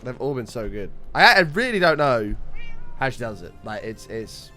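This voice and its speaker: Hosting a laid-back gaming stream, a young man chats in excitable bursts and welcomes viewers by name. His mid-range voice is slightly rough, his pace normal, with soft music in the background.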